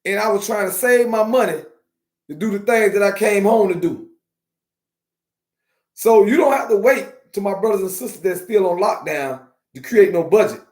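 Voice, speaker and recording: Man, high voice, streetwise, preachy, slow emphasis, echoey room. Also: darkish tone. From Miami. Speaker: podcast host. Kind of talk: casual live-stream talk to viewers.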